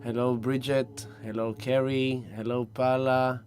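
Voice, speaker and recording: Soft-spoken man greeting a live chat. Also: mid-range voice, flat delivery. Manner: warm effusive greetings, slow and soft-spoken. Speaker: spiritual livestream host.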